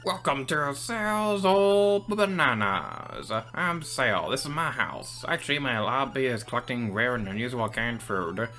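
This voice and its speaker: A woman's voice: extremely low pitch, animated, unhurried, few pauses, soft background music, full character voice. A woman doing a frantic, pleading male alligator. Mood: cheerful. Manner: pleading, shouting, overwrought. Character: hysterical male alligator craving dog food.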